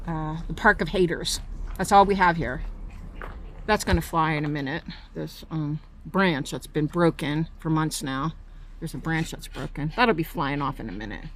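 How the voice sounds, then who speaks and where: A woman's voice: low-pitched, slight background noise. A woman walking outdoors through her residential park, filming on her phone and pointing out problems in an indignant, accusing way. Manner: indignant, accusing, points things out as she walks. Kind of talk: walking tour vlog with complaints. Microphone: phone camera held while walking.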